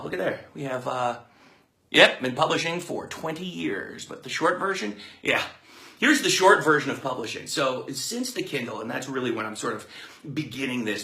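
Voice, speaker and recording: A man gives a loose, playful lesson on book marketing, rambling and happily inventing words. His voice is bright and forceful. The room around him rings with noticeable echo. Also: mid-range voice. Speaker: author marketing coach. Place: room with a whiteboard.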